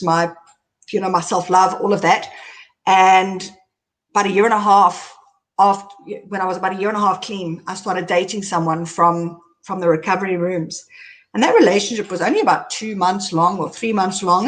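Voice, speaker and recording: A middle-aged woman, hosting and candidly telling her own story, animated as she recounts events. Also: mid-range voice. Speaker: host.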